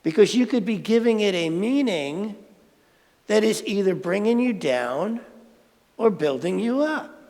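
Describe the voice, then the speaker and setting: High-voiced, gravelly male spiritual speaker. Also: expressive, slow pace, long pauses, a little mellow. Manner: conversational, playful, asks the audience questions. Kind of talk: sermon. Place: spiritual centre sanctuary. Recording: reverberant hall.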